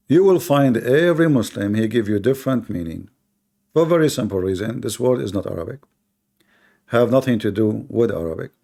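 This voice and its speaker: A man's voice: mid-range voice, vocal fry, mellow. A man in a live online debate, combative and scornful, repeating points for emphasis in non-native English.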